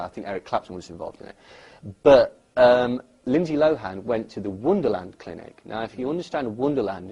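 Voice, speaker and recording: A man, a guest in an interview, talking in a rambling, animated way with lots of fillers. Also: lowish voice, slightly rough, low-quality recording. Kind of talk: conversational interview.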